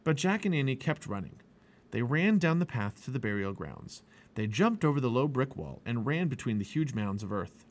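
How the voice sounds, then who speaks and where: A man reading a children's chapter book aloud with expressive storytelling. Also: mid-range voice, moderate pace. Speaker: family podcast reader.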